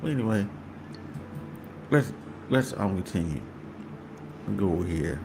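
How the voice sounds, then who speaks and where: A man with a low, gravelly voice hosts a casual livestream. He talks slowly in a loose, slangy way, but his pitch swings widely. The audio carries a steady hiss of noise. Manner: loose, joking and slangy, often trailing into laughter. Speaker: host.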